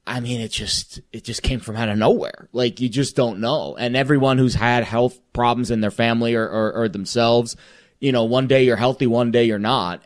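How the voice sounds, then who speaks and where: A man co-hosting a sports talk show, speaking reflectively with rambling, halting phrasing. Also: mid-range voice. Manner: rambling, many fillers and restarts, reflective. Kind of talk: casual sports chat.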